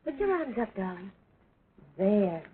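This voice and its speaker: A woman's voice: medium pitch, sing-song, a little slow. An actress playing a doting young woman who coaxes and plays with a small child in an early talkie. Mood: tender. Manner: tender, playful, coaxing, laughs often. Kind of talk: early talkie film acting. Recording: tinny scratchy 1920s film soundtrack.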